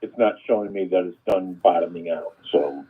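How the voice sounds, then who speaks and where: A man's voice: sits low, normal speed. A man co-hosting a casual market chat, hesitant and restarting his sentences, heard over a tinny phone-line connection.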